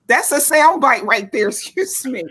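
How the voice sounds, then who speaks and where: A woman in a casual online commentary chat, animated and mocking, laughing often as she gossips. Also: high-pitched, noisy background.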